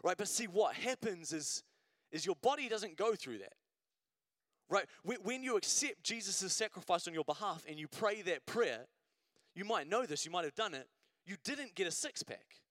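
A man's voice: high-pitched, sing-song, moderate pace, a bit bright, no room sound, studio quality. A man preaching a sermon at a church service in a conversational way, often checking in with the congregation and building to emphatic repetition.

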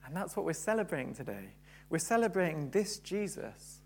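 A man's voice: a little high, big pitch swings, moderate pace, slightly rough. A man preaching a sermon, building to fervent emphasis and repeating key phrases.

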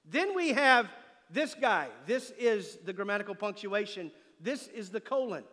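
A pastor preaching an emphatic sermon who calls out for an "Amen" from the congregation. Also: male voice, sits high, big pitch swings, measured pace, sharp tone, in a large hall. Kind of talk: sermon with live demonstration. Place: church sanctuary.

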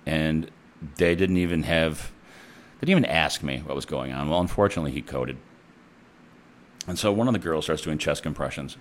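A man's voice: rumbling low, normal speed, pauses often, a little hiss or hum. A man who works as a nurse, telling a story in a casual, blunt and profane way.

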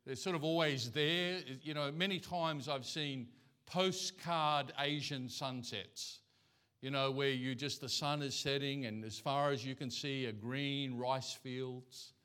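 A man's voice: medium pitch, steady tone, a little slow, sharp tone, smooth. A male pastor giving a conversational sermon in church, telling folksy stories and anecdotes.

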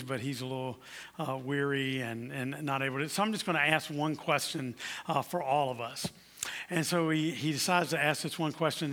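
A man's voice: fairly high pitch, fairly bright tone. A man preaching a Christmas sermon, building to emphatic declarations and telling stories to his congregation. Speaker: pastor.

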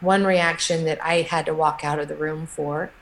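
A middle-aged woman recounts a personal story as an interview guest, her voice sitting a little low. She talks in a halting, emotional way, often restarting her sentences. A faint hiss of noise runs under the recording. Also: fairly even intonation, low-quality recording.

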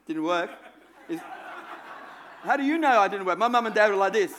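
A man's voice: high-pitched, expressive, moderate pace, fairly bright tone, slight background noise. A man preaching a sermon in a conversational, self-deprecating way, repeating phrases for emphasis. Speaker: pastor.

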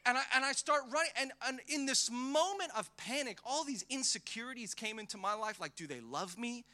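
A man in his thirties, a pastor, preaching a sermon in a church in a lively, conversational way, telling personal stories and acting out quotes with many restarts. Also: very high-pitched, fairly quick. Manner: animated, conversational, lots of restarts and acted-out quotes.

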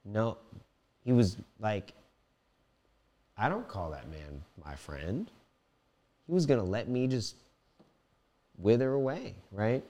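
Young guy w a lowish voice, cussing a lot, telling his story real candid, goes jokey then heavy. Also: slow, long pauses. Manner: profane, animated, swings between playful voices and heavy quiet.

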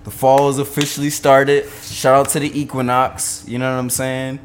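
A man's voice: mid-range voice, flat delivery, normal speed. A young man co-hosting a podcast in casual chat, laid-back and heavy on slang and trash talk. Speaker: podcast co-host.

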